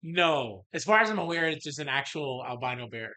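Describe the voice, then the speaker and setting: A man co-hosting a podcast, telling a story in casual chat and acting out the quotes with big swings in voice. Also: a little fast. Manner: animated, acts out quotes with big jumps in pitch and loudness. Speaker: podcast co-host. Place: bar or lounge.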